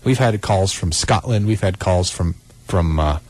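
A man with a low, darkish voice talks a little slowly while hosting a radio show in a studio, chatting casually and animatedly with his co-host and laughing easily. The studio microphone picks up no room sound.

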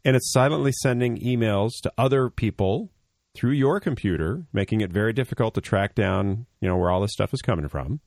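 A man's voice: fairly low pitch, fairly quick, a little mellow, no room sound, studio quality. A man co-hosting a radio tech show, explaining things at length in a blunt, joking way. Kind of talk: casual radio tech talk.

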